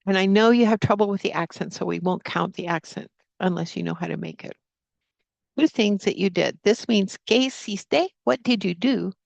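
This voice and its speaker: Woman, online Spanish teacher, gravelly voice, dry close sound, leads prayer and drills. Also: medium pitch, normal speed, no room sound, muffled recording. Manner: prays aloud, then drills vocabulary with repetition. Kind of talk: live online class teaching. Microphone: computer mic on a video call.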